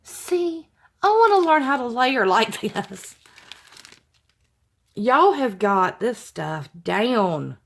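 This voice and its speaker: Lady vlogger, slow and gushy, lots of oh my goodness and y'all, paper crinkling behind. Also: fairly high pitch, sing-song, vocal fry. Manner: gushing, effusive, sighing with emotion. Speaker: crafting vlogger opening fan mail. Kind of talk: casual unboxing chat to viewers. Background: crinkling paper and packaging.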